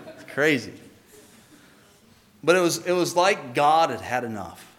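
A man telling his personal faith testimony in an earnest, halting way, often restarting his sentences. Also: a little high, sing-song, a bit bright, slight background noise.

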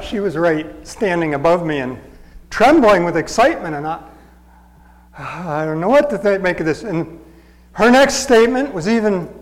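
A man preaching a storytelling sermon in a conversational, halting way. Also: high-pitched, long reverb tail, rough recording. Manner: conversational, halting, with fillers and restarts.

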